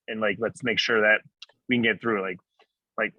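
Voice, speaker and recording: Bright-voiced casual man, lots of fillers. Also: on the low side, steady tone, fast, no echo, muffled recording. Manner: casual, filler-heavy, thoughtful. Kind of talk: podcast conversation.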